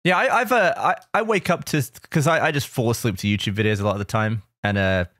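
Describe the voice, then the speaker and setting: A man's voice: mid-range voice, fast talker, a bit bright, dry recording, clean studio sound. A man co-hosting a podcast, chatting casually and laughing through his words in an offhand way. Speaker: podcast co-host.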